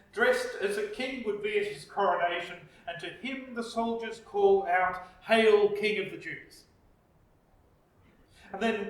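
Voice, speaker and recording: A man with an Australian accent preaching a reflective sermon as pastor, slow with dramatic pauses. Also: high voice. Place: church. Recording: echoey church, distant mic.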